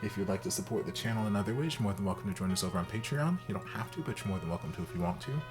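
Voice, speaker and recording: Young guy w/ a deeper voice, chatty and sassy, reacting to a show, soft music in the back. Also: very fast. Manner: sassy, expressive, playful asides. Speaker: reaction video host. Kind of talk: casual reaction commentary.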